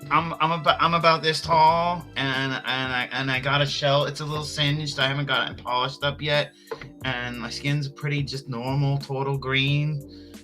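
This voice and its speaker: A man's voice: mid-range voice, flat delivery, moderate pace, bright, forceful tone, faint music behind. A man playing in a tabletop game, hesitant and stumbling over his words. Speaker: player.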